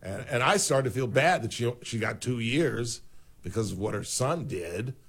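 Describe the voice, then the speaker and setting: A man co-hosting a casual chat, telling stories with animated quoted voices and jokes. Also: mid-range voice, normal speed, vocal fry, husky. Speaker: podcast host.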